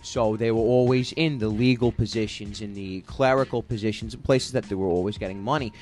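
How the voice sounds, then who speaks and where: A man's voice: on the low side, fairly even intonation, brisk, a little mellow, faint music behind. A man guesting on a radio talk show, chatting casually and joking, slipping into impressions. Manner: wisecracking, breaks into voices.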